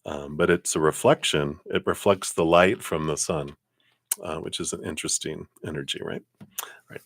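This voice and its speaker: Deep-voiced guy doing live tarot readings, rambles, lots of um and little laughs, dry sound. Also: fairly even intonation, normal speed, a bit bright, dry recording. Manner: meandering, many fillers and self-corrections; laughs often between remarks. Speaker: tarot card reader. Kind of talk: live-stream card reading.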